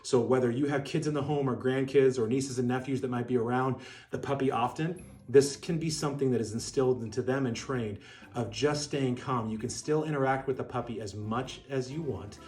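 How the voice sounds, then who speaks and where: A middle-aged man, a dog breeder, calmly explaining how to interact with a puppy in an even-keeled instructional talk. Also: medium pitch, brisk. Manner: calm, even-keeled, demonstrates voice tones. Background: soft guitar music.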